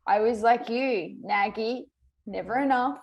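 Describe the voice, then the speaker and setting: A woman's voice: on the high side, a little slow, muffled recording. A woman co-hosting a podcast in casual chat, reflective and agreeing with her partner. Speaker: podcast co-host.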